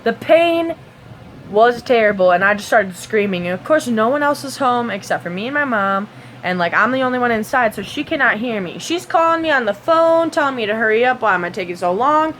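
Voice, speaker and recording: Woman vlogger, fairly high voice, chatty rambling storytelling, camera mic, faint hiss. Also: lively intonation, a little fast, a bit bright. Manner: chatty and rambling, with many fillers and sound effects.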